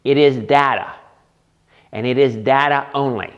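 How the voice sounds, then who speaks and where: A man's voice: medium pitch, measured pace. A man teaching a counseling class as instructor, lecturing and asking the room rhetorical questions. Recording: dull lo-fi lecture recording.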